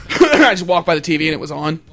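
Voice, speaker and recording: A man's voice: fairly high pitch, very animated, brisk, fairly bright tone, soft background music. A man hosting a comedy show, ranting in a crude, rambling way and swearing constantly. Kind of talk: profane comedic rant.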